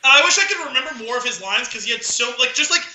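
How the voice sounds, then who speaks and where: Male podcast co-host, high and very bright voice, chatty, echoey room. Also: animated, racing. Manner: loose, full of filler words, quotes movie lines in put-on voices. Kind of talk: casual chat.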